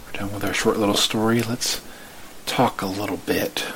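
Deep-voiced man telling a hushed story. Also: little pitch movement, moderate pace, slight background noise, rough recording. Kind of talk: soft-spoken second-person story narration.

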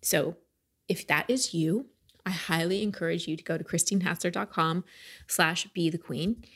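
A woman's voice: lowish voice, moderate pace, a bit bright, breathy edge. A middle-aged woman hosting a podcast as a life coach, talking in an earnest, chatty way with small laughs. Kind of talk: podcast monologue.

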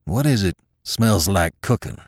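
A man's voice: lowish voice, lively intonation, measured pace, no room sound, clean studio sound. A man voicing a bewildered old farmer who gasps out short, stunned questions in rural speech.

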